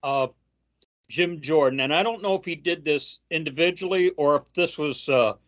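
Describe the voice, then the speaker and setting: A man co-hosting a casual political chat, reading news quotes aloud with frequent halting fillers. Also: a little high, highs cut off. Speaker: co-host.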